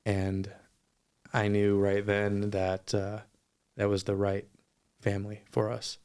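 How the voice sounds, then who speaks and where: A man guest on a podcast, telling a personal story in a measured, thoughtful, sincere way. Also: on the low side, completely flat delivery, a little mellow, clear, resonant tone.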